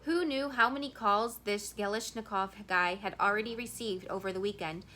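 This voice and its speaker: Bright-voiced woman reading a novel. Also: mid-range voice, moderate pace. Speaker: audiobook reader.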